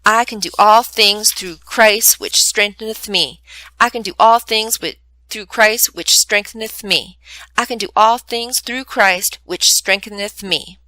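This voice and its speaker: A woman's voice: medium pitch, unhurried, bright, forceful tone, dry recording, pitched above the performer's own voice, low-quality recording. A woman reading aloud, voicing an eager young girl who talks nonstop. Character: chatty excitable young girl, big sister.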